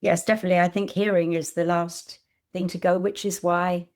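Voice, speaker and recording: An older woman with a low, gravelly voice and a warm, mellow tone. She talks in a gentle, reflective way and tells her stories unhurriedly. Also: little pitch movement, a little fast. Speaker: guest. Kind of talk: casual conversation.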